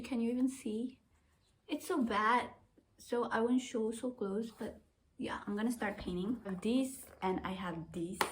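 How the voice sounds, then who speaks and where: A woman's voice: a little high, a little mellow, slight background noise. A woman in her twenties with an accent that mixes British and Australian, rambling and self-deprecating as she talks to her own camera. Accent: mixed British and Australian. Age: 20s. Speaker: vlogger. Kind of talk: casual rambling vlog.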